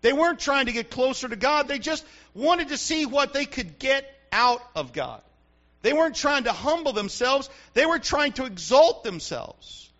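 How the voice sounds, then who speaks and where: Male pastor, high and bright voice, punchy repetitive preaching, muffled sermon recording. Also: very animated, normal speed. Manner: emphatic, repetitive preaching with rhetorical questions.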